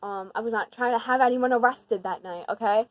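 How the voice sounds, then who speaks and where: Young woman vlogger, fairly high voice, slangy and rambling, emphatic storyteller, dry close sound. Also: brisk, no room sound, muffled recording. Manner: slangy, rambling, heavy use of "like"; animated and emphatic when retelling the scary part. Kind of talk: casual storytime.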